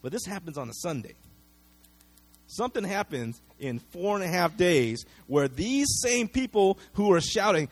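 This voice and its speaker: A man preaching a sermon, telling the story in a casual, animated way, acting out what people said and often repeating words and adding fillers. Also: high voice, normal speed. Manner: conversational, animated storytelling with acted-out quotes. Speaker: pastor.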